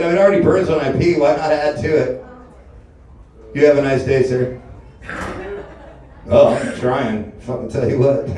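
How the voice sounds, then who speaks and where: A man's voice: medium pitch, dark tone. A man from Alaska doing a loose, rambling, profane stand-up set at a bar open mic. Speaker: stand-up comedian. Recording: echoey room, mic heard from a distance.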